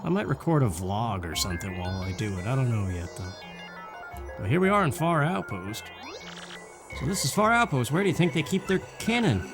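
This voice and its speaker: A young man chatting casually through a video game, rambling and thinking aloud as he plays. His pitch moves in a lively way at a middling level. Game music plays clearly behind him. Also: brisk. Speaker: let's play host. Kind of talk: casual gameplay commentary.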